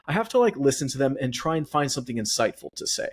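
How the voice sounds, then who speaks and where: A man's voice: mid-range voice, big pitch swings, quick pace, a little hiss or hum. A man hosting his own podcast, out of breath and chatty, rambling along in a self-deprecating way. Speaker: podcast host. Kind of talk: casual solo podcast monologue.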